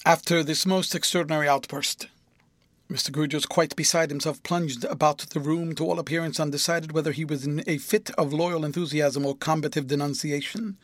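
The audiobook narrator is a man whose voice is a little high, recorded with no room sound. His delivery is measured and expressive, like a storyteller.

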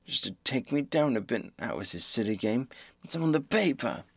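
A man voicing an indignant old sailor who sputters in rough, colloquial talk. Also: medium pitch, sing-song, normal speed, no echo. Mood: grumbling. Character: indignant seafaring man, blustering and quick to anger.

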